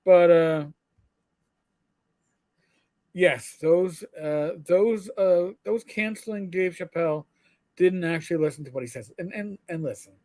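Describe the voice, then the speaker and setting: A middle-aged man with a high voice rambles casually as co-host of a live show. He trips over his words, restarting sentences, and keeps the chat loose and friendly. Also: unhurried, pauses often, mellow. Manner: rambling, stammering restarts, chatty.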